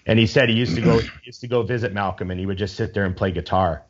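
Man, low voice, rambling casual chat, enthusiastic, swears a lot, dull lo-fi recording. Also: quick pace.

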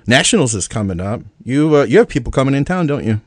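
A man hosting a podcast, chatting casually and steering the talk. His voice swings widely in pitch. The sound is dry and close. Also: sing-song, fast talker, no echo. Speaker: podcast host.

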